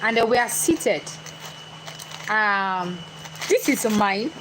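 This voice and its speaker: A woman's voice: mid-range voice, takes it slowly, background noise. Lady giving a motivational talk, bouncy voice, talks right to the audience. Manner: animated, chatty, questions the audience directly. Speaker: motivational speaker.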